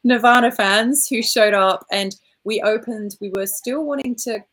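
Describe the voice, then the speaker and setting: An Australian woman, a founder, answering interview questions in an animated, storytelling way, acting out quotes and using fillers like "look" and "you know". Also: fairly high pitch, unhurried. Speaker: orchestra founder, guest.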